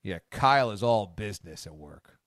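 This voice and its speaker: A man's voice: fairly low pitch, lively intonation, moderate pace, fairly bright tone, dry recording, studio quality. A man hosting a sports radio show, reading listener tweets in casual banter and laughing often.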